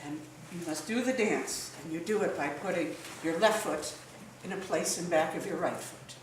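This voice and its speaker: A woman voicing an old wise village man who speaks slowly and calmly, in a low, pondering way. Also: a little hiss or hum, natural voice. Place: live stage in a hall. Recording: echoey hall from far off.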